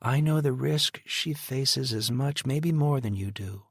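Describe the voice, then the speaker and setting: A man voicing an earnest middle-aged woman who gently but insistently pleads with a father. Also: mid-range voice, measured pace, breathy edge, dry recording, clean studio sound, voice pushed up. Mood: pleading.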